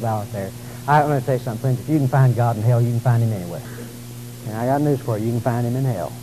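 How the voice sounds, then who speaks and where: A man preaching a sermon in a folksy, dramatic way, calling his listeners folks and swinging from exclamations to quiet lines. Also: slight background noise, low-quality recording. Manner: dramatic preaching, rising to exclamations and dropping low. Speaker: pastor.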